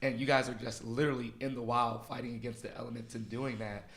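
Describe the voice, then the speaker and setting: Hyped podcast host guy, medium voice, laughs a lot, echoey room. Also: mid-range voice. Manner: excitable, laughing, quick rapid-fire asides. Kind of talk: casual interview chat. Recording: roomy echo.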